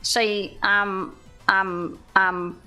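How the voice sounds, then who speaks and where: A woman's voice: mid-range voice, level tone, drawn-out words, bright, forceful tone, clean tone, soft background music. A woman with a Southern US accent hosting a casual stream chat, rambling with lots of fillers and restarts.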